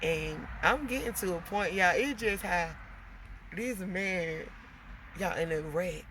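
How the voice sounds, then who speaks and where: A woman's voice: on the low side, slow pace, a bit bright, slight background noise. A woman with young kids venting casually to her viewers, swearing freely and calling them y'all. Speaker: vlogger.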